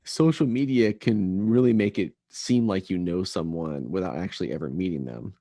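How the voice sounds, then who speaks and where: A man hosting a podcast, talking in a relaxed, reflective way with lots of "you know". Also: low-pitched, normal speed, no echo, clean studio sound. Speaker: podcast host. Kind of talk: casual conversation.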